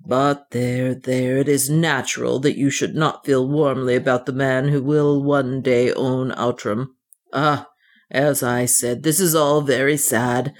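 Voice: mid-range voice, lightly acted. A reader voicing pompous old clergyman Mister Beach. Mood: unctuous. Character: pompous older male clergyman, condescending. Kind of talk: audiobook reading.

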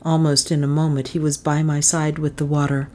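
A woman reading a classic novel aloud as an audiobook narrator, in a measured, even storytelling manner. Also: deep voice, a little hiss or hum.

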